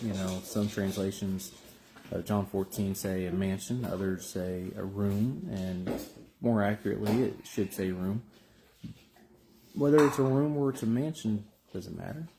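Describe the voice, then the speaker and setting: Male preacher, lowish mellow voice, casual devotional delivery, slight noise floor. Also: steady tone, measured pace. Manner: conversational, with fillers and restarts. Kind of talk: short devotional Bible reading and reflection.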